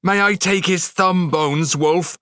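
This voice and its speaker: A man's voice: a little high, measured pace, fairly bright tone, no room sound, studio quality, pitched above the performer's own voice. A man voicing an eager young witch girl in an audiobook, asking in a keen, pleading way.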